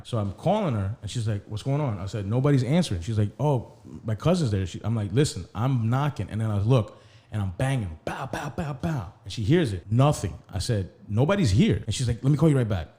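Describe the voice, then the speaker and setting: Man, podcast co-host, rambling profane storyteller, fast, low dark voice. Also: expressive. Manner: rambling, profane, acts out quotes. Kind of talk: casual storytelling chat.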